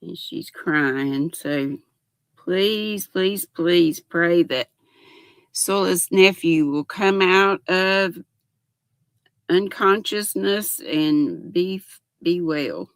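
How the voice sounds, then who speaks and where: An older woman hosts a relaxed livestream chat and greets her viewers one by one. Her gravelly voice rises and falls in a lively way as she talks at an unhurried pace. The sound is dry and close. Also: lowish voice, dry recording. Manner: chatty, greets viewers by name. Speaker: livestream host.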